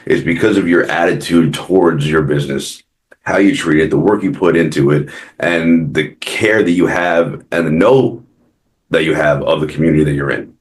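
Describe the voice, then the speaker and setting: A man's voice: very deep voice, steady tone, normal speed. A man hosting a local business podcast, asking questions and repeating himself as he finds his words. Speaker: podcast host. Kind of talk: interview questions.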